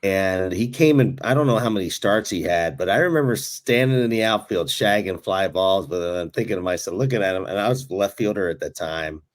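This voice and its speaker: Low-voiced man telling baseball stories. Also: fairly quick, few pauses. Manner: animated storyteller who chuckles while recalling. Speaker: podcast co-host, former pro ballplayer. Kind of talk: casual sports chat.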